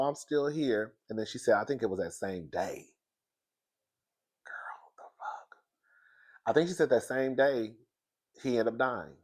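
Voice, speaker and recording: A man's voice: medium pitch, a little mellow. A man with a stuffy nose from crying, recapping a reality show in casual chat and calling his listeners "girl.". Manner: chatty, talks to listeners as "girl".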